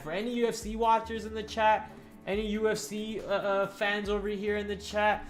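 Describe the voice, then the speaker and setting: A man hosting a stock trading livestream, chatting casually to his viewers and slowly dictating notes on trades as he types. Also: sits high, completely flat delivery. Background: faint background music.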